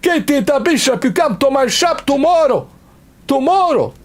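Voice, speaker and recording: A man doing a brash Italian-American shopkeeper who yells his invitations. The voice sits very high and swings wildly. He talks in a heavy, exaggerated Italian-flavoured English. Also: very animated, very slow, slight background noise, heavily acted. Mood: boisterous.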